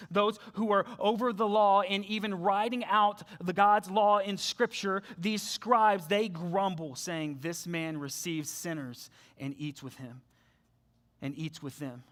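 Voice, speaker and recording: Young man preaching with a high voice. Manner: conversational storytelling, drops to soft hushed tones when making appeals. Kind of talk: sermon. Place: church sanctuary.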